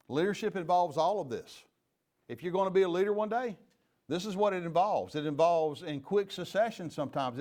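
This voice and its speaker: A man's voice: on the high side, darkish tone. A middle-aged man speaks in a slightly raised register, teaching leadership as a retired police chief. He tells his stories earnestly and candidly, in plain folksy words. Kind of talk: leadership training talk.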